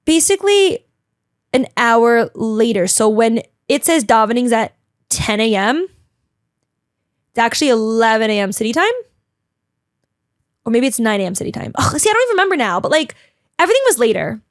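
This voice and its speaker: A chatty, dramatic young woman telling a casual vlog story, full of "like" and quick asides. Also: fairly high pitch, very animated, no echo, clean studio sound. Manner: chatty and bubbly, heavy use of "like", dramatic; talks a lot, emotional. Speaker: vlogger.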